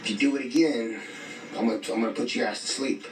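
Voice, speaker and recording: A man's voice: medium pitch, fairly even intonation, fast. A man telling a story in casual street slang, bluntly quoting himself and others as he goes. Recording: echoey, distant, faint music.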